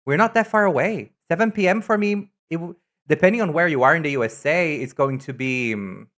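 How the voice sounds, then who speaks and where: A woman streamer in casual live-stream chat, talkative and teasing, answering chat messages with sudden high, loud exclamations. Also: brisk. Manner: chatty, reacts to chat messages with loud teasing jumps in pitch.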